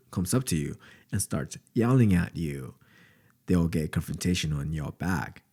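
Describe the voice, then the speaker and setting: A man's voice: low-pitched, a little mellow. A young man hosting an interview, telling a story in a hesitant way with many ums and light laughs. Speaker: podcast host.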